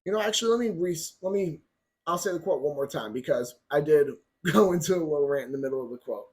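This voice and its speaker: A man's voice: a little high, lively intonation, fast. A man vlogging about firearms in heated, ranting commentary, blunt and profane. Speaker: gun channel vlogger.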